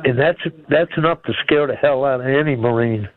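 A man's voice: mid-range voice, fairly quick. Older caller, man, folksy and blunt, heard over a tinny phone line. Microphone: telephone.

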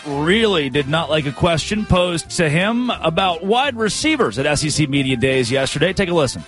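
A man's voice: on the high side, lively intonation, normal speed, hardly any pauses, fairly bright tone, faint music behind. A man hosting a morning sports talk radio show with a brash, hyped-up delivery.

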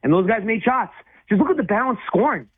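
A man co-hosting casual sports talk, talking fast and emphatically, with many restarts. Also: sits high, big pitch swings, breathy edge. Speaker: sports radio co-host. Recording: tinny phone-like line.

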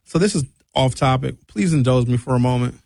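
A man hosting a talk radio show from a studio, ranting in an opinionated monologue and mocking people with high comic voices. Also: brisk, vocal fry, a little mellow, no room sound.

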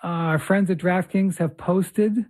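A man's voice: sits high, fairly even intonation, takes it slowly, darkish tone. A man hosting a podcast in casual chat, telling a rambling story with self-mocking humor. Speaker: podcast host.

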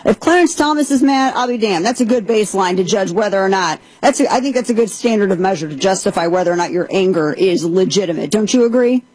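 A woman's voice: mid-range voice, fast talker, hardly any pauses, darkish tone, slightly rough, rough recording. A woman hosting a talk show, reading quotes at length and giving indignant commentary. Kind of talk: opinion commentary and host-read ad.

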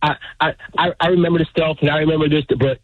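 A veteran calls in to a radio show, telling his story earnestly and a little haltingly. His husky voice comes through a tinny phone line and sounds dry. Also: fairly high pitch, steady tone, dry recording. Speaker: caller, military veteran.

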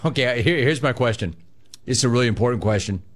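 Animated man hosting call-in radio. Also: medium pitch, fast talker. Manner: lively, acts out voices in stories, joking. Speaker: radio show host.

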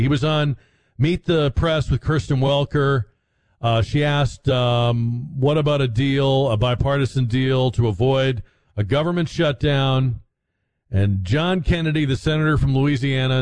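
A man hosting a talk radio show, delivering opinionated commentary with animated, mock-stammering asides. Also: medium pitch.

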